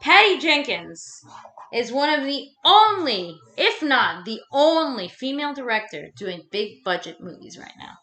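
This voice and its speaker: A young woman rants casually to camera at home, rambling and swearing freely. Her voice sits a bit high and swings widely in pitch. The sound is bright, with a roomy echo around it. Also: unhurried. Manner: rambling, swears freely, animated ranting with fillers. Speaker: vlogger. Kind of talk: casual ranting chat.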